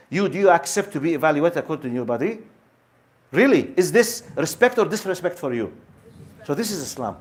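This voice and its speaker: A man's voice: a little high, very animated, brisk. Emphatic male lecturer. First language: Arabic. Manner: emphatic, repetitive, asks the audience questions. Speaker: Islamic lecturer. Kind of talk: religious lecture to an audience.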